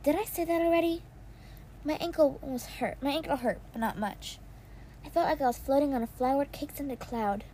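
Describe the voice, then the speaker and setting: A woman reading a first-person children's novel aloud, soft and wondering, with small slips. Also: high-pitched, brisk, slight background noise. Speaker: audiobook reader. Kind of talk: first-person storybook narration.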